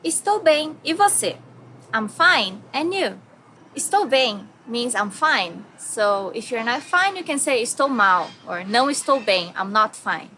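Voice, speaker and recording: A young woman from Brazil teaching a vocabulary lesson, saying each word slowly before giving its meaning. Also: fairly high pitch, animated, pushed and bright, a little hiss or hum, rough recording. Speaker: language teacher.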